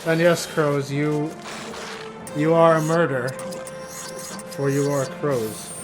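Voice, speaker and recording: A man's voice: fairly high pitch, fairly even intonation, slow, music in the background. A man streaming and chatting casually, rambling and interrupting himself while he talks. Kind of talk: casual chat while gaming.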